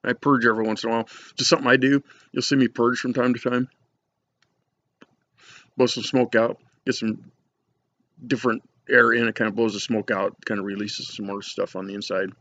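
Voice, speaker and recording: Gravelly-voiced man rambling about a cigar. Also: medium pitch, level tone, a little fast, a bit bright, no room sound. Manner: rambling, jokey, self-deprecating. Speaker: cigar reviewer. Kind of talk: casual chat to camera. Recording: dull lo-fi home recording with faint noise.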